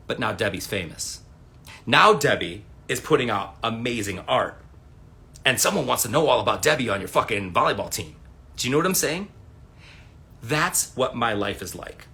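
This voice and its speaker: A man's voice: medium pitch, a little fast, creaky. Rambling, profane man on a livestream. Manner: rambling, profane, animated storytelling. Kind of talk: casual livestream monologue. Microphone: phone.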